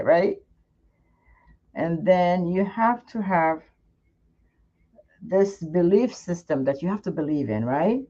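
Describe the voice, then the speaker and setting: Speaking from home on a muffled, lo-fi livestream, a middle-aged skincare channel host vents frankly to her viewers in casual chat. Her low-leaning voice is warm and animated, though she takes it slowly and pauses often.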